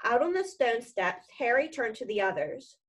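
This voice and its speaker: Female audiobook reader, clear steady narration, slightly high voice. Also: normal speed. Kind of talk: audiobook reading.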